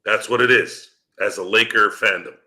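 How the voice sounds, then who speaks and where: Bright-voiced man ranting profanely. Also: lowish voice, steady tone, normal speed. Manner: profane, ranting, rhetorical questions. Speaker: podcast host. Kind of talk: postgame fan rant.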